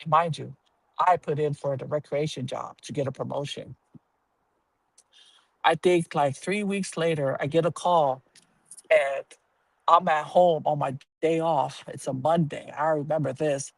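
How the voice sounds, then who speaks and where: A woman's voice: sits low, fairly even intonation, measured pace, creaky, no room sound. A woman who works as a union representative at a prison telling a personal story in a candid, earthy way, swearing freely and laughing at herself.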